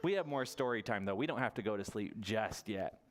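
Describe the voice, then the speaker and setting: A man's voice: lowish voice, fairly quick. A man leading a library toddler story time, talking in a playful, sing-song way and coaxing small children with questions.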